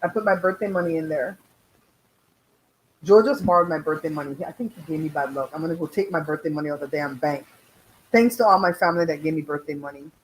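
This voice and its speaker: A chatty middle-aged woman talking straight to her live viewers. She tells stories in a lively way, acts out what people said, and swears freely along the way. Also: sits low, fast talker, slight background noise, rough recording. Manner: chatty, animated storytelling with voiced quotes; frank, swears casually. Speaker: livestream host. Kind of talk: casual live chat.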